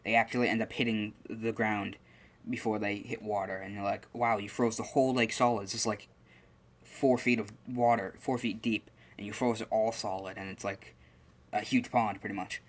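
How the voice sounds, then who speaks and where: A man's voice: lowish voice, flat delivery, normal speed. A young man casually making up and telling a fan-fiction story, rambling with lots of fillers and restarts.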